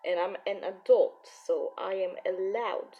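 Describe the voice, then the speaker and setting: A woman's voice: mid-range voice, fairly even intonation, a little slow, muffled recording, faint music behind. A young adult woman with a Polish accent, a native Polish speaker, chatting casually on a live stream while she draws, hungover, chuckling often and muttering to herself. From Poland. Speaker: artist streaming while drawing.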